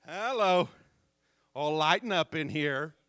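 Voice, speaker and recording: Lively, slow-paced preacher man. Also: a little high, dry recording, clean studio sound. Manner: call-and-response preaching, repeated "hello?" checks, swings from loud to hushed. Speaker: pastor. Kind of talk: sermon.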